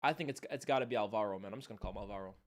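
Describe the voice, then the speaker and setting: A young man from Canada streaming a football watchalong, chatting casually in slang with loud reactions and quiet muttered asides. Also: lowish voice, racing. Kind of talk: live match watchalong commentary.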